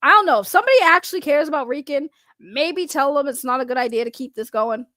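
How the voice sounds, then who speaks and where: A woman's voice: high voice, fast, few pauses, a bit bright, no room sound. A woman doing casual livestream commentary, rambling and blunt, swearing freely and laughing often. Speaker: online commentator.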